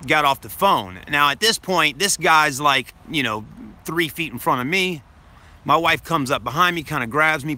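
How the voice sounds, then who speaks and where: A man's voice: a little high, bright, forceful tone, slight background noise. A man telling a story to his live stream viewers in a casual, rambling way, repeating himself, swearing now and then, and addressing them as folks.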